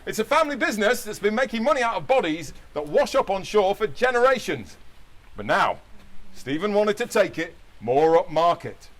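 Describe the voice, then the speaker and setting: A man's voice: high voice, very animated, moderate pace. A man hosting a live podcast, reading a silly story aloud with a playful, laughing delivery. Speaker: podcast host.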